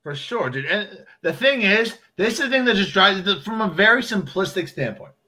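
A man in casual chat who argues animatedly, slipping into imagined voices. His pitch is high and swings widely. His tone is bright. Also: moderate pace. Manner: animated, acts out voices in quotes.

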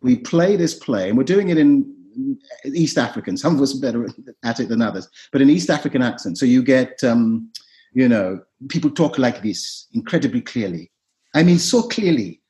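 Brief: middle-aged male actor, lively storytelling delivery, medium register. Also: medium pitch, moderate pace. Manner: animated, theatrical storytelling. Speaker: actor and writer, podcast guest. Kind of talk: podcast discussion.

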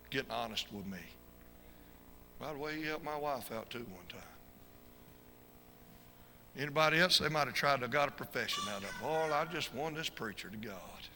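A man preaching a fervent sermon as an evangelist, swinging from shouted peaks to quiet storytelling. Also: medium pitch. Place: church sanctuary. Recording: reverberant church hall with faint noise.

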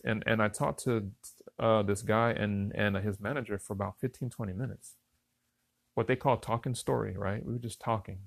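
A middle-aged man casually telling a personal story in a relaxed, conversational way, talking straight to his listeners. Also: on the low side, creaky, no echo. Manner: relaxed, conversational, addresses listeners as y'all and fellas.

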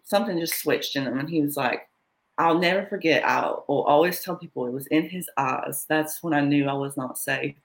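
A young woman, a guest in an interview, candidly recounting a personal story with quick asides and fillers. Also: low-pitched, rough recording.

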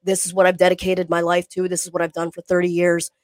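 A woman's voice: fairly low pitch, completely flat delivery, fast, dry recording. A middle-aged woman co-hosting a fitness podcast over a video call, talking casually and earnestly with lots of fillers and restarts.

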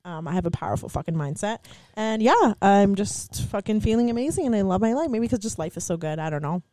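A woman's voice: medium pitch, expressive, fast talker, mellow, dry recording, clean studio sound. Laid-back, laughing female podcast co-host. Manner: laid-back, swears freely, laughs often. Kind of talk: casual chat.

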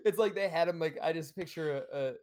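A man's voice: on the high side, fairly quick, a little mellow. A man co-hosting a casual film review podcast, amused as he goes through his notes. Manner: amused, laughs at dialogue, reads from notes. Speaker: podcast co-host.

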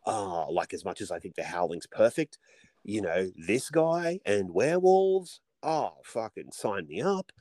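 Animated, profane man, low voice. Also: measured pace, no echo. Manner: profane, animated, slips into joking put-on voices. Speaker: podcast co-host. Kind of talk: casual movie podcast chat.

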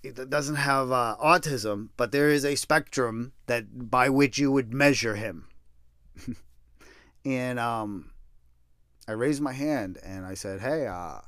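A middle-aged man telling a personal story in a casual, blunt way, swearing and mocking himself, jumping from loud bursts to low mutters. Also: dry recording, studio quality. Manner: profane, blunt and self-deprecating.

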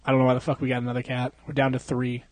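A man's voice: mid-range voice, monotone, very fast, darkish tone. A young adult man chatting casually, rambling through crude stories full of swearing and frequent laughter. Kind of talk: casual chat.

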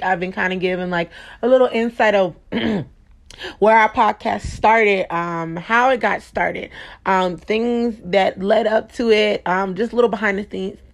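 An excitable woman hosting a casual podcast, chatting with lots of fillers. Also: medium pitch, moderate pace. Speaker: podcast host.

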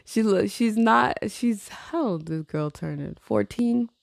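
A woman's voice: mid-range voice, animated, measured pace, creaky, no echo, studio quality. A tired woman venting in a casual chat, blunt and profane, rambling with frequent laughs. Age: adult with a teenage niece. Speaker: vlogger.

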